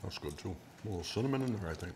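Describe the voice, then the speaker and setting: A Midwestern American man talks about cooking in an easygoing, plain way. His voice is very deep, with faint background noise. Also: lively intonation, very fast. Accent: Upper Midwest American. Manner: easygoing, explains food plainly. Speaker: guest cook. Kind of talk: casual cooking chat.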